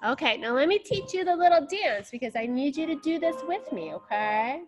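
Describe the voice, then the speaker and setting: A woman's voice: high voice, music in the background. A woman ballet teacher telling a fairy tale to young children and guiding them through dance steps with counting. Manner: slow, animated storytelling with counting instructions. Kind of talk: storytelling dance class for children.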